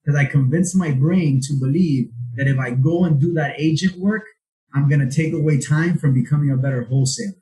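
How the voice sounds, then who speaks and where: A man's voice: brisk, rough recording. A man guest on a casual podcast interview, telling stories animatedly and acting out quoted lines. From South Florida. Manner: animated storytelling, acts out quotes with raised pitch. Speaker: real estate investor guest.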